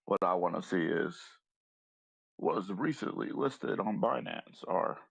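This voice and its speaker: A man's voice: sits low, expressive, slow pace, gravelly, husky, no echo. A man hosting a crypto analysis live stream, chatting casually and thinking aloud while he reads through his notes. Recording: dull lo-fi stream audio.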